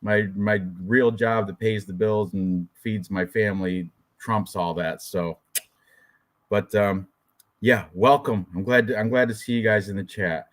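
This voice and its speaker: A man's voice: fairly low pitch, steady tone, unhurried. A man co-hosting a fight prediction live stream, joking with his co-host and greeting viewers in the chat.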